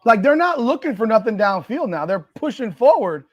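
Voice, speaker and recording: A man hosting a live watch party, reacting loudly and profanely to a football game and arguing with the chat. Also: sits high, normal speed, muffled recording. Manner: excitable, profane, argues with chat and the broadcast.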